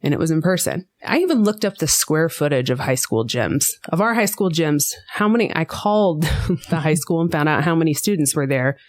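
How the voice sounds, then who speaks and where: A woman being interviewed on a podcast, telling a personal story with lively energy and acting out the voices of people she quotes. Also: deep voice, brisk. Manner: animated storyteller who acts out quoted voices. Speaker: guest, school board member.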